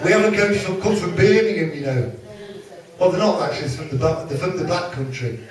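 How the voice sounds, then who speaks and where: Man, hotel joke-teller, higher voice, booming room from afar, audience laughing behind. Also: fast. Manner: teasing, chatty, works the audience. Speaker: hotel entertainer telling jokes. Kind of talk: live stand-up joke telling to a crowd. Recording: echoey hall from far off with crowd laughter.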